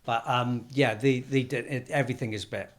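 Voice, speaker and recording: A man hosting an interview, relaxed and plain-spoken, swapping anecdotes from his own work. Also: medium pitch, a little fast. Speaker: podcast host. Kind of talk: conversational interview.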